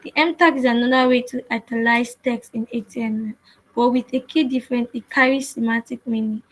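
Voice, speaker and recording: Woman, coding instructor, husky airy tone, patient repetitive explaining, tutorial narration. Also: a little high, steady tone, fairly quick, low-quality recording. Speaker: web development instructor. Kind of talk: screen-share coding tutorial.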